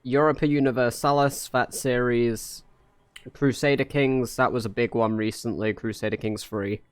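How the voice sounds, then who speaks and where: A man's voice: mid-range voice, fairly even intonation, normal speed, clean tone, no echo. A young English man chatting casually on a live stream, rambling and joking with lots of fillers. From England. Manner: rambling, jokey, many fillers. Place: home in Norway.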